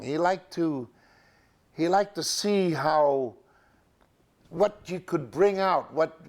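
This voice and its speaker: An older man recalling his film work in an interview, halting and full of fillers and restarts. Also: on the high side, a little mellow. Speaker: actor interviewee. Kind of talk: reminiscing interview.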